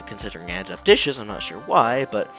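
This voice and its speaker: A male streamer reading and narrating a visual novel, animated and jokey, laughing often. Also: medium pitch, quick pace, music in the background.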